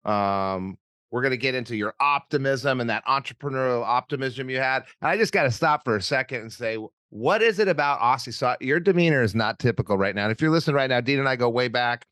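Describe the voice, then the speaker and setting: A man's voice: mid-range voice, quick pace, a bit bright, dry recording. A man hosting a podcast, joking and teasing his guest in a rambling, casual chat. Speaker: podcast host.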